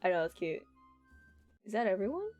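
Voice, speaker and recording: A woman's voice: mid-range voice, sing-song, fairly quick, a little mellow, soft background music. Playful swearing woman streamer. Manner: playful, swears freely, reads game lines aloud. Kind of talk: casual game stream chat.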